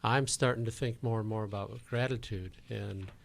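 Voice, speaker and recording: A man in a radio studio asking listeners for donations, relaxed, folksy and sincere. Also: on the low side, normal speed, creaky. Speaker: radio show fundraiser.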